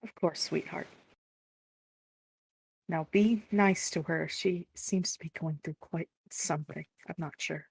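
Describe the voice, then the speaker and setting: Motherly older woman, fussing and affectionate, put on by a player; creaky, husky, dry. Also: mid-range voice, steady tone, a little slow, pauses often, dry recording, rough recording. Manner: fussing, affectionate, calls others sweetheart.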